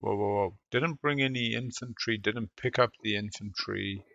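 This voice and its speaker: A man's voice: on the low side, moderate pace, creaky, fairly bright tone, no echo, lo-fi sound. A man playing a board game, chatty, calling out his moves and bantering with the table. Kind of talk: casual game-table chat.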